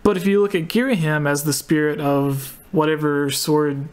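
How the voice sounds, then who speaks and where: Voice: medium pitch, fairly even intonation, normal speed. A speaker hosting a casual panel chat who reads out questions. They talk hesitantly, with many fillers.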